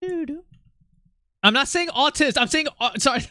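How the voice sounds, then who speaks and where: A young man streaming while he draws, chatting casually with his viewers in a rambling, animated way, often breaking into laughter. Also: very high-pitched, measured pace, long pauses, no echo, studio quality. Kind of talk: casual livestream chat while drawing.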